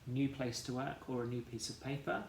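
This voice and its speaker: A man teaching a children's phonics lesson, slowly sounding out letters and syllables in an encouraging way. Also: mid-range voice, vocal fry. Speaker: primary school teacher. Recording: echoey room, faint background noise.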